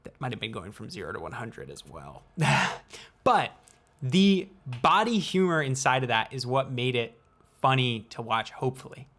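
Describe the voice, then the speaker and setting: A young man hosts a casual explanatory vlog at a mid-range pitch. He is playful and unhurried and leaves deliberate pauses between phrases. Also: sing-song, fairly bright tone. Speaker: student video creator.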